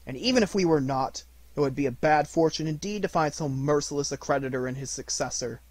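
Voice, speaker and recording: A man's voice: on the high side, brisk, a little mellow, no room sound, lightly acted. A man reading an audiobook, voicing a relieved poor husband reassuring his wife.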